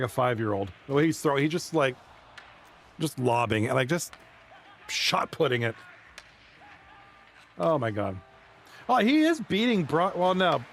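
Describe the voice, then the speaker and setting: A man chatting casually on a live stream, rambling and excitable as he talks with viewers. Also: a little high, gravelly, slight background noise. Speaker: live streamer and league commentator.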